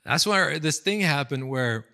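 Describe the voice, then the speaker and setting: A man's voice: fairly high pitch, a little slow. Casual storytelling pastor, man. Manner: casual, animated storytelling with fillers and acted quotes. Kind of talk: storytelling sermon. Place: indoors, online seminar recording.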